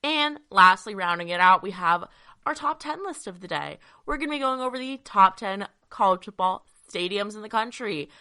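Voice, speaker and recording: A young woman hosting a sports podcast from her childhood bedroom, chatty and excitable with lots of fillers, a little out of breath. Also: medium pitch. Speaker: podcast host. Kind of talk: casual sports podcast monologue.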